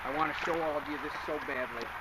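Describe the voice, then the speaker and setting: A man talking straight to the camera from a river bank, folksy and excited and audibly out of breath. His voice sits a little high. Clear outdoor noise runs under the camera mic. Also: quick pace. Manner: excited, folksy, talks to viewers directly. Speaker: fishing show host. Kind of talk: outdoor fishing commentary.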